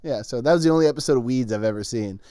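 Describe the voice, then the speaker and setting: A man co-hosting a comedy podcast, telling a crude story in a casual, animated way with frequent laughter. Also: medium pitch, very fast, a loud crowd. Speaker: podcast co-host.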